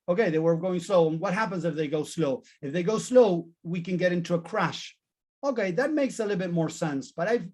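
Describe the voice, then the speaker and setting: A man teaching a therapy training class, animated and emphatic, repeating key words in lists. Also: high-pitched. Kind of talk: live training lesson.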